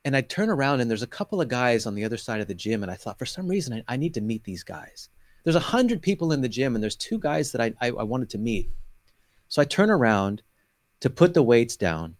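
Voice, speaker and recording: A middle-aged man tells his story of faith in an earnest, emotional way. He slips into the voices of his own past conversations as he goes. His voice sits at an ordinary pitch for a man, and it is recorded close and dry with no room sound. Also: sing-song, brisk, dry recording. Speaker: interview guest. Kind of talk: personal faith testimony.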